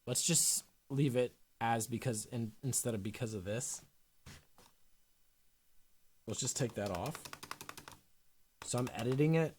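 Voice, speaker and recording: A young adult man coaching a struggling trader, blunt and emphatic, dropping curse words as he pushes his point. His voice sits at an ordinary middle pitch for a man. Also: animated, unhurried, pauses often, slight background noise. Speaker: trading coach. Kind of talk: live coaching session.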